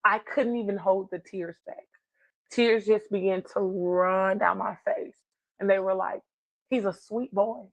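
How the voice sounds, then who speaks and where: A woman's voice: mid-range voice, little pitch movement, unhurried, vocal fry, dry recording, poor audio. A woman giving a heartfelt personal testimony, earnest and encouraging as she tells a story. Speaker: guest speaker.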